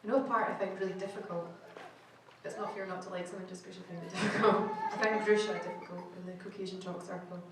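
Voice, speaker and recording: A woman's voice: on the low side, steady tone, fast, heavy background noise. A Scottish woman, a guest actor on a convention panel, answering fans in a chatty way, laughing often and restarting her sentences. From Scotland. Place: large convention hall. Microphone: camera in the audience, far from the stage. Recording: echoey hall recorded from far off.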